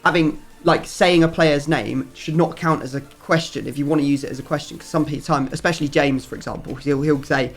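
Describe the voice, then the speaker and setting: A man's voice: a little high, fairly even intonation, brisk, hardly any pauses. A man hosting a gaming video, chatting casually and rambling through his explanations with plenty of fillers. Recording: music playing faintly behind.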